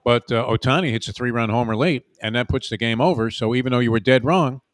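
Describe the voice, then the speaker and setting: A man's voice: medium pitch, fast, no echo, studio quality. A man co-hosting a show from home, bantering eagerly and filling his talk with ums and uhs. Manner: enthusiastic banter, filler-heavy. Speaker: co-host joining remotely. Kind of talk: casual chat. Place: at home, away from the studio.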